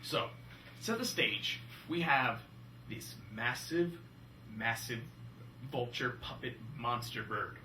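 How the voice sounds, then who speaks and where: A young man co-hosting a casual movie-review chat, animated and jokey. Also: mid-range voice, takes it slowly, a little hiss or hum. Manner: animated, jokey, slips into silly voices. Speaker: film review podcast co-host. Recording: roomy room from a distance.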